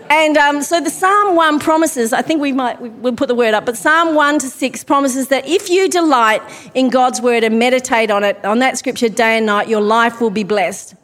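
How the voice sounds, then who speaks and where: A woman's voice: sits high, a bit bright. A woman preaching a sermon in a chatty, self-deprecating way, breaking off for asides to the congregation. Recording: long hall reverb.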